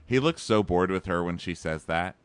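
A man's voice: low-pitched, expressive, normal speed, clean tone, no echo. A man co-hosting a casual chat, sarcastic and mocking. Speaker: podcast co-host.

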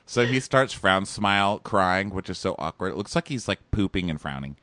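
A man's voice: low-pitched, lively intonation, moderate pace, pushed and bright, no echo. A man co-hosting a casual chat, making sarcastic, mocking asides. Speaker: podcast co-host. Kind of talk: casual chat recapping a reality show.

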